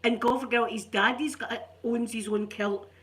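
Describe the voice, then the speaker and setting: A woman's voice: a little high, fairly even intonation, normal speed, a little hiss or hum. A middle-aged woman with a Scottish accent, rambling in casual chat as an ASMR channel host, chatty and self-mocking. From Scotland.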